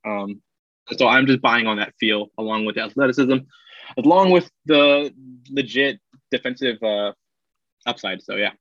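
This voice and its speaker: A man gives his casual draft analysis as a podcast guest, his voice bright and forward. The recording is dry and a little dull, with no room sound around him. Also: mid-range voice, dry recording. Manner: loose and relaxed, with many fillers. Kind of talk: casual basketball draft chat.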